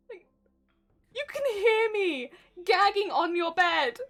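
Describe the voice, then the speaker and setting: A woman streamer chatting casually with her viewers, telling animated stories and laughing often. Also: very high voice, slow, faint music behind. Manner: reads and answers viewer chat. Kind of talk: casual live-stream chat.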